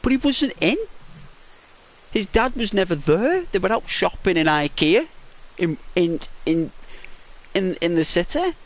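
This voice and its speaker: A man's voice: high voice, very animated, measured pace, pauses often. A man hosting a gaming channel, telling a story in a chatty, rambling way with lots of fillers and restarts, in a semi-ASMR narration over gameplay.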